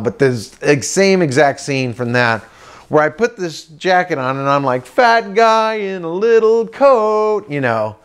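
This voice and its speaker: Male stand-up comic, fairly high voice, animated storyteller who acts out voices and sounds. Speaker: comedian.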